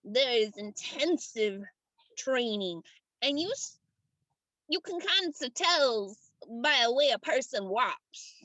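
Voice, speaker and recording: A woman game master voicing a gruff, touchy working man who talks tough-guy slang with broken grammar, slow and suspicious. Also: high voice, animated, pushed and bright, no echo, full character voice, poor audio. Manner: suspicious, slow, drawn-out delivery. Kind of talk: tabletop role-play voice acting.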